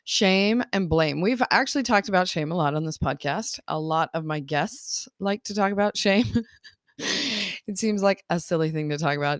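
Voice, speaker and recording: A woman's voice: lowish voice, dry recording, studio quality. A woman life coach hosting her podcast in a casual, upbeat monologue, laughing often as she acts out people's thoughts.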